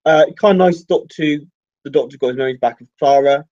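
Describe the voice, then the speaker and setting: A young man hosting a casual fan livestream, chatty and quick to laugh, with lots of fillers and restarts. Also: a little high, darkish tone. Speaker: livestream host. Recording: dull lo-fi livestream audio.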